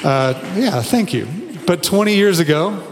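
A man's voice: high-pitched, lively intonation, measured pace, slight background noise. A man in his forties preaching a sermon, earnest and building to emphatic, repeated phrases. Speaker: pastor. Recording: long reverb of a large hall.

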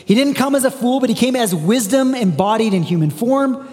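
Male pastor, high voice, earnest conversational sermon delivery, echoing church hall. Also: animated, a little fast, a little mellow. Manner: earnest, conversational preaching with frequent restarts.

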